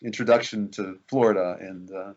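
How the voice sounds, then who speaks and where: A man's voice: lowish voice, fairly even intonation, moderate pace, darkish tone, highs cut off. A male actor in a casual interview, telling behind-the-scenes stories animatedly, acting out quotes and laughing often.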